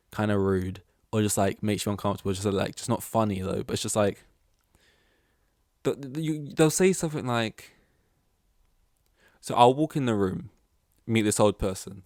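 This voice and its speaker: A man with a lowish voice rambles through a solo podcast episode and pokes fun at himself. He swears casually as he talks. The sound is dry and close. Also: normal speed, pauses often, a little mellow, no room sound. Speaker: podcast host.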